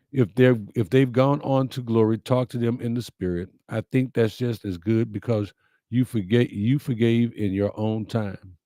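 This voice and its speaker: A middle-aged man with a warm, mid-range voice hosts a live-streamed message show, recorded with clean studio sound and no echo. He reads viewer comments and answers them in a folksy, heartfelt, preacherly way.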